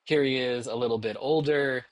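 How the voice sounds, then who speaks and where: A man's voice: medium pitch, steady tone, normal speed, dry recording. A middle-aged man teaching a math course in a conversational, encouraging way, often checking in with "okay?". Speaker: math instructor. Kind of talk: recorded lecture narration over slides.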